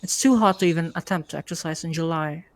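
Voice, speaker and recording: A woman hosting a live reading night and narrating a first-person story in a steady, easygoing way. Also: sits low, fast talker, a little hiss or hum. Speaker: host and narrator.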